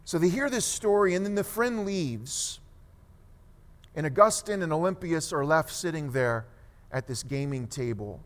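Storytelling preacher in a reverberant hall. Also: male voice, fairly high pitch, unhurried. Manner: animated storytelling, asks the congregation questions. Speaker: pastor. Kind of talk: sermon.

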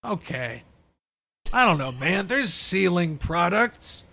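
A man's voice: high-pitched, very animated, slow pace, gravelly, sharp tone, slight background noise. A young man co-hosting a podcast, joking crudely, swearing and laughing often. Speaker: podcast co-host. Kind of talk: casual crude banter.

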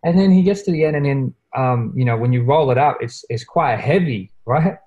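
A man telling a story in casual chat, rambling and filling pauses with "you know" and "like", growing animated as he recounts it. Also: muffled recording. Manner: animated when recounting, pitch jumps up.

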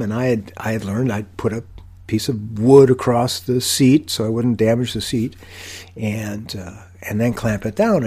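An older man, a woodworker, telling a story in a casual, animated way with self-mocking dry humor. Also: fairly low pitch, husky. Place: podcast recording.

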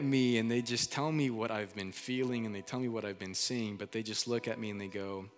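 A man's voice: on the low side, steady tone, brisk, hardly any pauses, soft background music. A man preaching a sermon in a church, talking casually, repeating himself a lot and asking the congregation to call out answers. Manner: casual, repeats phrases, lots of "like". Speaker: pastor.

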